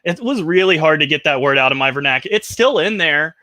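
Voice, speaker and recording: A man as a guest on a casual livestream chat, sarcastic and deadpan. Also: fairly high pitch, fairly quick, a crowd in the background.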